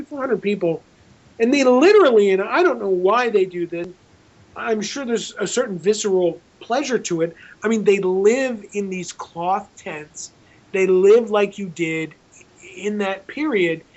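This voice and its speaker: A man, a film director being interviewed, telling a rambling, animated story with frequent restarts. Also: high voice, muffled recording.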